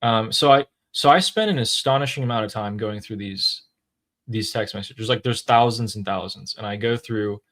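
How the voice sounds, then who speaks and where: A man's voice: on the low side, a bit bright. A man co-hosting a live stream, chatting casually and reading out viewer messages. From Middle Eastern family, raised in a mostly white town. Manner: conversational, reads viewer messages aloud. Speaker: livestream co-host.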